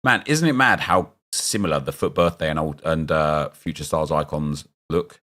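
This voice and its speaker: A man's voice: a bass voice, moderate pace, bright, forceful tone. A young man chatting casually as he streams a football game, rambling and answering his viewers' chat as he reacts to picks.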